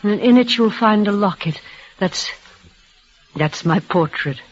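An actress voicing a dying, devoted young woman in an old radio drama, speaking in breathless, halting, emotional bursts. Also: mid-range voice, natural voice. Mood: resigned, tender. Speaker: leading lady in a radio play. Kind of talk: 1940s radio acting. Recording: dull lo-fi old radio recording.

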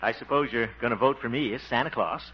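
A man's voice: mid-range voice, quick pace, husky, close to an everyday voice. An actor playing a boastful, easily flustered small-town man who sputters and grumbles asides, in a 1940s radio sitcom. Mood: exasperated. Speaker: lead of the show. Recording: dull old radio recording, loud hiss.

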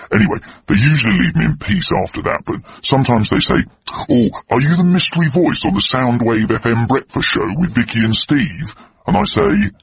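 An actor playing a weary, complaining man whose gravelly voice sounds distorted, in a comedy sketch. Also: on the high side, muffled recording, slight background noise. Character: aggrieved man with a strange gravelly voice.

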